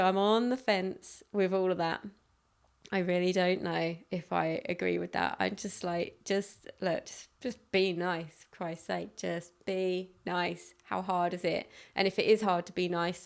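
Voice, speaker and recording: A woman hosts her own podcast, talking on her own in a frank, chatty way. Her pitch sits in the middle, and she often restarts a sentence mid-thought. She slips into quick acted-out exchanges as she talks. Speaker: podcast host. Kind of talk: casual solo podcast monologue.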